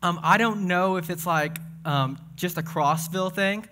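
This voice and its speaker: Excitable young preacher, bright voice. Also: male voice, high voice. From Tennessee. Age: young adult. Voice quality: speech impediment. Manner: excitable, fast, self-deprecating. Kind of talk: casual sermon with jokes.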